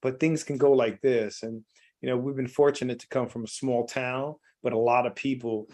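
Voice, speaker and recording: Podcast host from New Jersey, a man, casual and rambling, loud when fired up, on a video call. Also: medium pitch, steady tone, moderate pace. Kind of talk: casual tribute talk.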